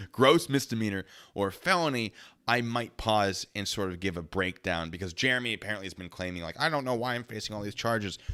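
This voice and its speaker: A man hosts a casual livestream in a rambling, chatty way. His voice is bright and forceful, sitting a little low in pitch. He keeps breaking off to thank viewers by name for their donations. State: a little out of breath. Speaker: livestream host.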